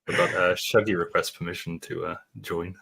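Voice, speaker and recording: A man's voice: low-pitched, little pitch movement, normal speed, gravelly, bright, forceful tone, husky, no echo. A man co-hosting a casual chat with laid-back, chuckling, wry asides.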